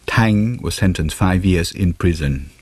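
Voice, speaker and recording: A man giving a translated voice-over of an interview, in a measured, plain reading. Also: deep voice, slightly rough, no room sound.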